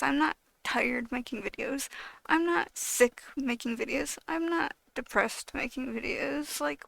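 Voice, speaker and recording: High, heavily gravelly young woman vlogger. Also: a bit bright, no echo. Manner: frustrated, profane, blunt venting; swings between mumbling and raised voice. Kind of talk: casual to-camera rant.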